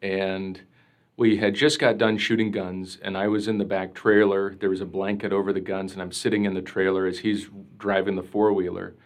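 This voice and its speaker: A priest being interviewed, telling a personal story in an earnest, reflective way, full of casual fillers. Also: male voice, sits low, flat delivery, moderate pace.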